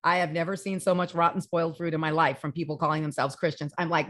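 A woman pastor talking as a podcast guest, lively and full of restarts as she tells stories. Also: low-pitched, fast talker, few pauses. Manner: animated storyteller, many restarts and quoted dialogue. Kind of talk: casual chat. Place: Los Angeles.

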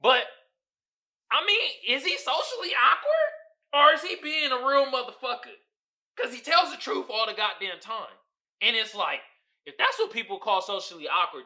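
This podcast host tells a story casually, full of profanity and slang, laughing often and acting out the people involved. His voice is very high and sing-song, with a sharp tone at a normal speed, in a comedic monologue.

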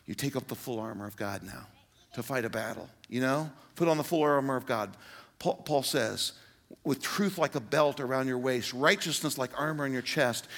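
A man's voice: mid-range voice, normal speed, vocal fry, a bit bright. An older man preaching a sermon as pastor, earnest and pleading, with sudden emphatic outbursts.

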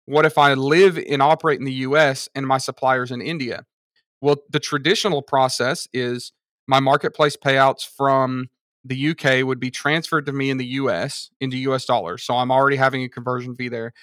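A man's voice: medium pitch, steady tone, moderate pace, a bit bright, dry recording. A man on a podcast, explaining things at length in a casual conversation and talking through examples. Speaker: guest from a seller funding service.

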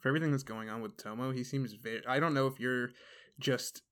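A man co-hosting a podcast, chatting casually and relaxed. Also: mid-range voice, fast. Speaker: podcast co-host. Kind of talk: casual chat.

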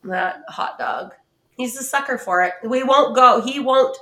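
Woman, podcast co-host, lively storyteller, laughs often, roomy echoey room. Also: fairly high pitch, measured pace. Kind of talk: casual chat. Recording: roomy echo.

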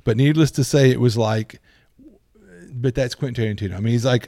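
Gravelly rambling man. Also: medium pitch, a little fast, pauses often, no echo. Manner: rambling, animated storyteller with many restarts. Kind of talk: casual movie chat.

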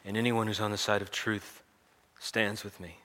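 A man voicing a calm, steady male teacher under arrest, speaking quietly and in a measured way. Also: lowish voice.

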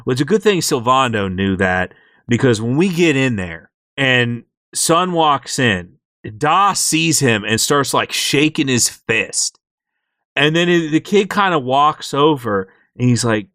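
A young man on a podcast, telling a game story in an animated way and jumping into character voices, in a dry close recording. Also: on the high side, unhurried, no room sound. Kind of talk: casual game recap chat.

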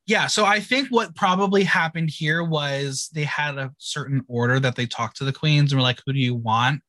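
Man, podcast host, high pitch, bright voice, sarcastic, casual recap. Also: no echo. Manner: quick and playfully sarcastic.

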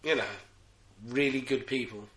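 Laid-back guy, bright and roomy. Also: mid-range voice, fairly even intonation, normal speed, distant mic. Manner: joking, slangy, laughs often. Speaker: podcast host. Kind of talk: casual podcast banter. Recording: roomy, off-mic sound.

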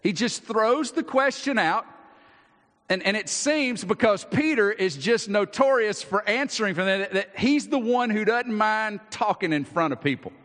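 High, animated Southern preacher in a reverberant hall. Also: male voice, a little slow. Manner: folksy, drops into hushed asides and repeats words. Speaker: pastor. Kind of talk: sermon.

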